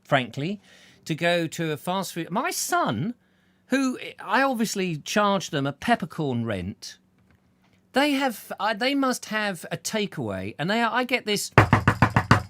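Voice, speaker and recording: A man's voice: sits high, very animated, unhurried, fairly bright tone, a little hiss or hum. A man hosting a casual chat show, joking and rambling through anecdotes. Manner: chatty, jokey, rambling anecdotes with put-on voices. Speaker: host.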